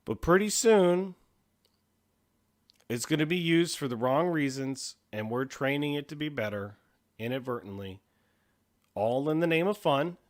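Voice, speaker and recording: A man's voice: on the high side, lively intonation, unhurried, pauses often. Casual profane man reacting to clips. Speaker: host. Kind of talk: casual commentary.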